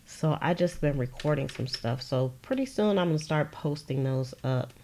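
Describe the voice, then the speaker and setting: A woman's voice: deep voice, expressive, moderate pace, warm tone. A woman chatting casually with viewers while she makes journal pieces at a sewing machine, laughing often and addressing them as "y'all". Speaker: junk journal crafter. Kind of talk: casual crafting livestream chat. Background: sewing machine running.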